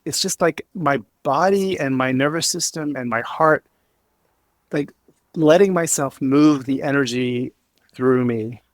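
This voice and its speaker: A man speaking as a podcast guest, earnest and emotional, halting with many restarts and fillers. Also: mid-range voice, dry recording, studio quality. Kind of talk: candid interview talk.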